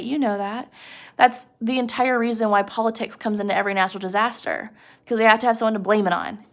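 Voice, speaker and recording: A young woman explaining a novel in a loose, conversational way, often speaking straight to the listener. Her voice carries a noticeable gravelly fry. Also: mid-range voice, a bit bright. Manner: chatty, uses many fillers, addresses listener directly. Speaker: teacher. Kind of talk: casual literature lesson.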